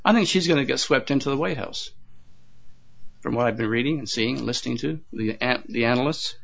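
A man's voice: mid-range voice, brisk, gravelly, a bit bright. An older man preaching a sermon to his congregation in a folksy way, with chuckling asides and repeated words. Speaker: pastor. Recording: dull lo-fi sound.

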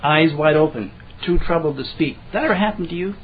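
A man giving a conversational sermon in a folksy way. He restarts his words, reads scripture slowly and clears his throat often. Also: on the high side, narrow, tinny audio, a little hiss or hum. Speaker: preacher.

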